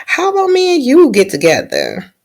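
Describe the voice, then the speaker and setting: A woman voicing a young male knight who pleads in a halting, rambling way. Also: high-pitched, wildly swooping pitch, pitched above the performer's own voice, heavily acted. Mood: pleading.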